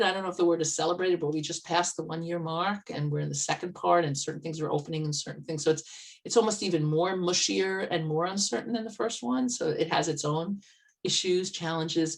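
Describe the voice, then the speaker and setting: Low-voiced woman coach telling a story. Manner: earnest, conversational, with vivid retellings. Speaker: motivational speaker and life coach. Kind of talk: storytelling talk at an online meetup. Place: old farmhouse, indoors.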